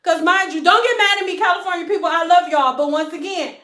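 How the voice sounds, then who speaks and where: A hairstylist from telling a storytime vlog, animated and slangy, often slipping into other people's voices. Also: female voice, very high voice, fast talker, reverberant. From Detroit.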